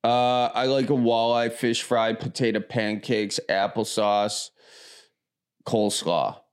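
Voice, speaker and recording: Man, low-pitched, easygoing, rambling, casual chat. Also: steady tone, slow pace, clean tone. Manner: easygoing, rambling, laid-back answers. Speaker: guest answering rapid questions.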